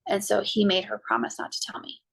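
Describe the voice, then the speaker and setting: A woman in her thirties or forties, a podcast guest and mother, telling a personal story in a halting way with frequent ums and restarts. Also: medium pitch, level tone, creaky, slightly rough. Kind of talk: personal story told in an interview.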